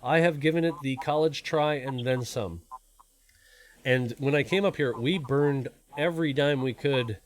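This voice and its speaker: A man's voice: medium pitch, a little slow. A man in his forties, born in Canada and raised in the US, hosting a live stream in a rambling, self-deprecating, casual way. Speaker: stream host.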